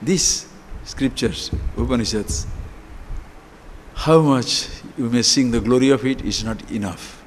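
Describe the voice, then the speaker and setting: A man giving a spiritual discourse, animated and full of rhetorical questions. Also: mid-range voice, unhurried, a little hiss or hum. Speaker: spiritual teacher. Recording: long hall reverb.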